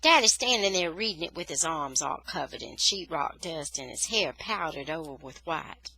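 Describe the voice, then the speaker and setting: A woman reading a children's novel aloud in a lively, expressive storytelling style. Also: deep voice, normal speed, husky, dry recording, low-quality recording. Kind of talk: expressive read-aloud narration.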